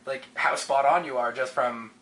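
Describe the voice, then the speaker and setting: A man's voice: mid-range voice, steady tone, moderate pace, a bit bright, poor audio. A man, a podcast guest explaining his show in loose, rambling talk full of fillers and restarts. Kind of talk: casual interview chat.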